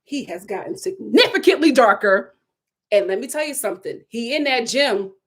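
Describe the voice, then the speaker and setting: A woman hosting a casual live review of a reality TV show, animated and incredulous, repeating herself for emphasis. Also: a little high, moderate pace. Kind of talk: casual live recap chat.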